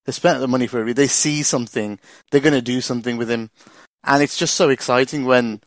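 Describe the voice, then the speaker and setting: A man's voice: mid-range voice, steady tone, quick pace, no echo. A man with a Liverpool accent hosting a casual fan chat, enthusiastic and repeating himself. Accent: Liverpool English. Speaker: host.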